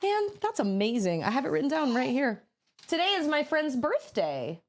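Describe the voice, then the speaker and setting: A woman in her thirties chatting casually on a livestream, rambling to herself as she builds, her voice a little rough. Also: sits high, very animated, moderate pace. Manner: chatty, rambling, self-talking while building. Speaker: streamer.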